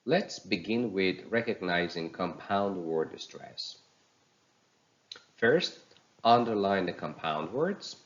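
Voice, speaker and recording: A man teaching pronunciation in a recorded lesson, speaking slowly and deliberately and spelling words letter by letter. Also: low-pitched, fairly bright tone, muffled recording.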